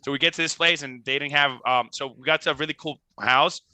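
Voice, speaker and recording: A young man with a very bright, forceful voice tells a rambling tour story, animated and full of filler words and restarts. His voice sits a little high for a man and sounds dry and close to the mic, with no room around it. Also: fast talker, no echo. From Costa Rica. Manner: animated, swearing, lots of "like" and restarts. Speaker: band member, podcast guest. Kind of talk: casual storytelling.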